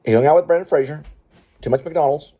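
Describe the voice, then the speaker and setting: A man's voice: fairly high pitch, fast talker, dark tone. A man hosting a casual improvised chat, rambling and joking as he plays a door-to-door salesman. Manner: rambling, jokey, playing a salesman. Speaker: host.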